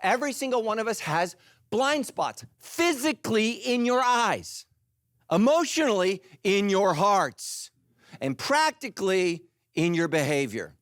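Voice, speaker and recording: A middle-aged male pastor preaching a sermon in an animated, joking way, acting out little voices. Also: high-pitched, unhurried, no echo, clean studio sound. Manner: animated, jokey, acts out voices.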